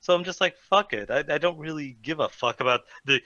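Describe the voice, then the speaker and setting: Casting: fast, bright-voiced male co-host, sarcastic ranter, dry muffled lo-fi mic. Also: fairly high pitch, no room sound. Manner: ranting, profane, sarcastic. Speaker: podcast co-host. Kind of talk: casual gaming podcast chat.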